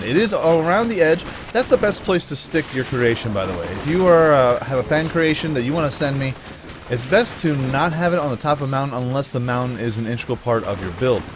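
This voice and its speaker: A man's voice: medium pitch, noisy background. A man giving loose, jokey let's play commentary as a gaming channel host, enthusiastic and rambling. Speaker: gaming YouTuber.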